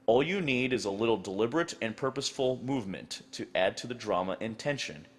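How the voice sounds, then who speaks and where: A man narrating an instructional video on acting, measured and explanatory. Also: mid-range voice, lively intonation.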